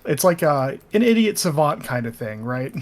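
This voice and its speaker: Guy at a tabletop game, bit high voice, jokey and chatty. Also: very animated, normal speed. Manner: chatty, joking. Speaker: player. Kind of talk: casual tabletop game chat.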